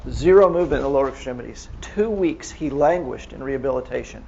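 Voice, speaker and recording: A man's voice: medium pitch, expressive, fast, gravelly, darkish tone, dull audio, a little hiss or hum. A man giving a live lecture to clinicians, speaking casually and asking the audience rhetorical questions. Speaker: medical lecturer.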